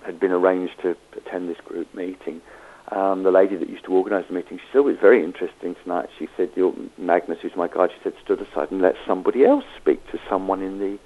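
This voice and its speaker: A man's voice: sits low, fairly even intonation, quick pace, narrow, tinny audio. Man telling a long anecdote. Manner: anecdotal, acts out quoted voices. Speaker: medium. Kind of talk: storytelling interview.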